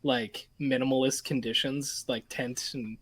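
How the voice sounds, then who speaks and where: A young man with a mid-pitched voice, chatting on a casual podcast. He sounds laid-back and agreeable and laughs easily. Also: steady tone, unhurried, fairly bright tone. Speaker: podcast co-host. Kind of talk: casual chat.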